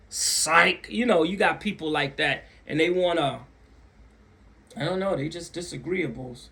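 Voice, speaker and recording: His voice is sharp-toned and expressive, moving at normal speed as he casually narrates a story to camera on his own channel. He repeats phrases to drive points home and impersonates others with big pitch jumps.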